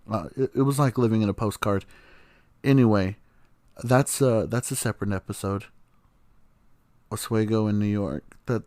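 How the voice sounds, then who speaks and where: Telling stories in a loose monologue, this young man hosting a podcast curses freely, laughs a lot, and performs the voices of people he quotes. He has a medium-pitched voice and there's no room sound.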